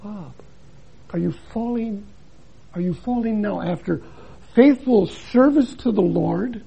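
Older male preacher, higher-pitched, gravelly and husky, dramatic sermon delivery, dull lo-fi recording. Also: slow pace. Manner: dramatic, swings between loud emphasis and hushed drops. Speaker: missionary preacher.

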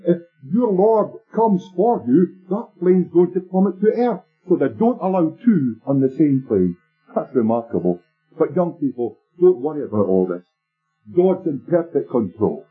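A man with a somewhat high, husky voice delivers a sermon, telling stories in a measured, emphatic way. The recording is tinny and lo-fi, like an old sermon tape, with faint music underneath. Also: sing-song. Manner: storytelling preacher, measured and emphatic. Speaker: preacher.

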